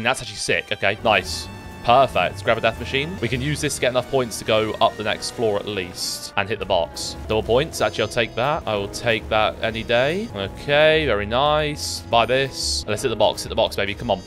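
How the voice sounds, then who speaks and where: A young man commentating his own gameplay, excitable, swearing and talking to himself. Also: on the low side. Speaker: gaming YouTuber.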